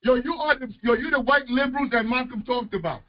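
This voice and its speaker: A man confronts people on the street, shouting and pushing back hard. His voice rides extremely high for a man. The played clip sounds muffled and lo-fi. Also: fast.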